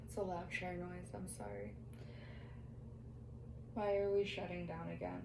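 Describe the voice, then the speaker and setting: A woman's voice: lowish voice, big pitch swings, takes it slowly, creaky. Woman medium in an echoey room. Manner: relays spirit messages, quoting the spirit, with bursts of laughter. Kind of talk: mediumship reading session. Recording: echoey room, faint background noise.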